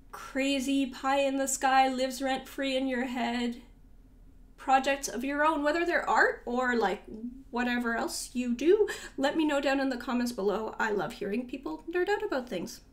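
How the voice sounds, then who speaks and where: A young woman with a fairly high voice gives a relaxed, chatty tour of her art sketchbooks. She rambles, trails off and corrects herself as she goes, keeping it informal and friendly. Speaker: artist showing her sketchbook.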